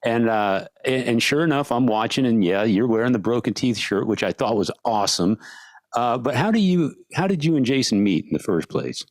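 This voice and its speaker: A man's voice: mid-range voice, lively intonation, no echo. A man hosting a podcast, asking questions in a casual, enthusiastic way. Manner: enthusiastic, quick to laugh along. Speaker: podcast host.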